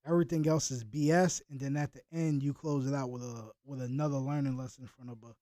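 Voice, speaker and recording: A man's voice: medium pitch, fairly even intonation, fast talker, dark tone, no room sound, studio quality. A man chatting casually in slang with live viewers as he reacts to a video. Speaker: reaction streamer.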